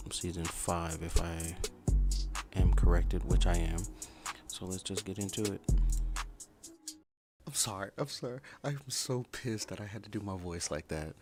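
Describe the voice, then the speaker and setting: Blunt deep-voiced man hosting a review. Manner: blunt, repeats points for emphasis. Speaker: livestream host reviewing a TV show. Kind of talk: casual opinionated review.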